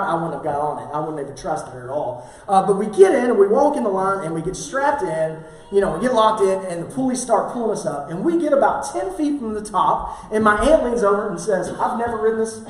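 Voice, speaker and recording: A male pastor preaching a sermon, telling stories casually with many fillers. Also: high voice. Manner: casual storytelling with frequent fillers. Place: church sanctuary. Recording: very echoey church hall from far off.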